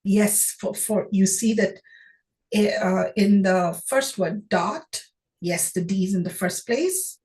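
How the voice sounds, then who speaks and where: A woman teaching children phonics, patient and encouraging, sounding out words slowly and praising often. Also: mid-range voice, a little mellow. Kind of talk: phonics lesson to young children.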